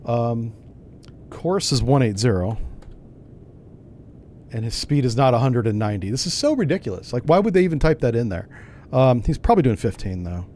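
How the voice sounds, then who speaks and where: A man's voice: mid-range voice, sing-song, normal speed, long pauses, a little mellow, slight background noise. A man hosting a gaming channel, giving casual gameplay commentary and thinking aloud in a wry, self-mocking way.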